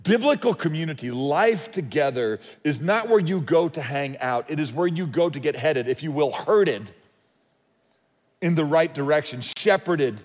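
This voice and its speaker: A man's voice: on the high side, animated, a little slow. A man preaching a sermon in a conversational, storytelling way, often restarting his sentences. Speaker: pastor. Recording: long reverb of a large hall.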